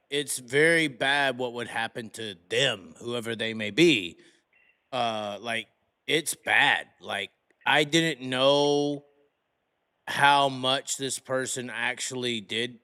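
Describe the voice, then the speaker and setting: A man's voice: medium pitch, pushed and bright, clean tone. A man talking as a podcast guest in a rambling, profane way, full of restarts and "like". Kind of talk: casual podcast chat.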